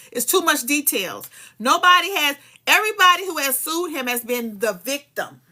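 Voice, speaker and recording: A woman with a high, pushed and bright voice hosts a podcast. She reads a legal filing aloud, breaking off between passages into heated, profane, emphatic commentary.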